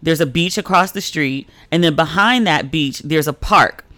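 A woman's voice: normal speed, sharp tone, no echo. Chatty woman host, dry close sound. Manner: chatty storytelling, heavy use of "like", swings pitch when quoting people. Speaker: podcast host. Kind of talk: casual solo chat.

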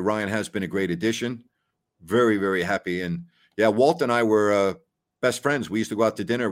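A man in his sixties hosts a casual sports talk show. His voice sits on the low side, and he chats in a folksy, rambling way full of exclamations. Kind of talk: casual chat.

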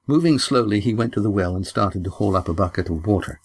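A man narrating an audiobook in a measured storytelling manner. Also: low-pitched, slightly rough. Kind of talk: scripted narration.

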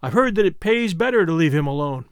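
A man reading a steady, determined patrolman. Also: on the high side, fast talker, clean tone, no room sound, lightly acted. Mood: firm, calm. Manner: calm and firm, turning hushed in tense moments.

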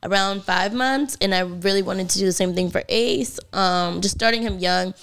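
A woman co-hosting a casual podcast chat, telling family stories with lively quoted voices. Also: mid-range voice, moderate pace, smooth. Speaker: podcast co-host.

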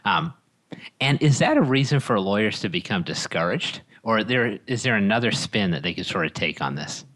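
Low voiced guy with a sharp bright tone, dry jokey podcast host. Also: lively intonation, moderate pace, rough recording. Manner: wry, joke-filled delivery. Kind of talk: scripted podcast intro and interview.

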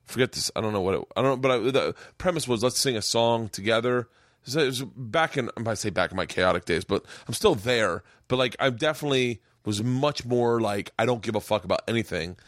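A man's voice: medium pitch, animated, fairly quick, a bit bright, no echo, studio quality. A man hosting a podcast, a comedian telling a story in casual chat, rambling with many restarts and swearing freely. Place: home man cave.

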